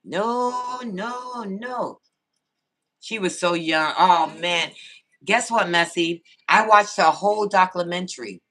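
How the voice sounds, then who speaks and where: Woman hosting a phone livestream; husky, bright tone, swoops in pitch as she greets her chat. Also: slow pace. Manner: lively, greets viewers by name, talks to chat. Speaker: livestream host.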